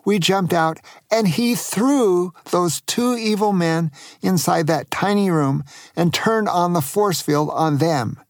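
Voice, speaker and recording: An older man narrating a children's adventure story, slowly and often asking the listener questions. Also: high-pitched, no echo, studio quality. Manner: slow, asks the young listener questions.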